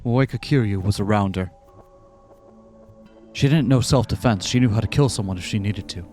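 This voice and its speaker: A man hosting a let's-play reads a visual novel aloud in a fairly low voice. He keeps it casual, dropping in joking asides, while faint music plays underneath. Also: moderate pace, warm tone. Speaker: let's-play host reading the game.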